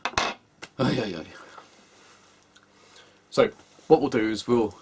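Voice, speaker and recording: A man's voice: mid-range voice, slow pace, slightly rough. A man giving casual, wry workshop commentary as he sets up a guitar, hesitating often and sounding exasperated, recorded on a camera microphone in an indoor workshop. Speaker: guitar repairer.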